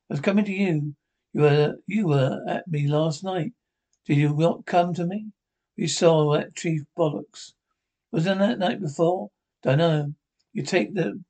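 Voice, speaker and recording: A man with a Scottish accent playing a bickering, cantankerous old pensioner in TV sitcom dialogue, with gruff, sardonic banter. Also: a little high, darkish tone. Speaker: sitcom actor.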